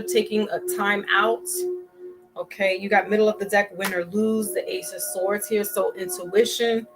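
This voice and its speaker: A woman gives a relaxed tarot reading in a chatty, loose way, stopping and restarting her words often. Her voice sits at a middle pitch, and soft music plays faintly behind her. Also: low-quality recording. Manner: chatty, frequent restarts and fillers. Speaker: tarot reader.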